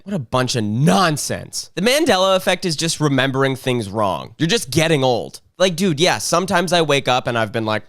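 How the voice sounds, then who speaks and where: A man hosting a comedy reaction video, mocking clips in a sarcastic, animated way. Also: medium pitch, moderate pace, hardly any pauses, no echo, clean studio sound, faint music behind.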